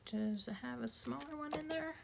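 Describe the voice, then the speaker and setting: A woman streaming her card making from home, thinking aloud and muttering softly to herself as she sorts through supplies. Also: high-pitched, a little fast, gravelly, noisy background. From United States. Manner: muttering to herself while sorting supplies, soft asides. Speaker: craft streamer. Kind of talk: casual craft livestream chat.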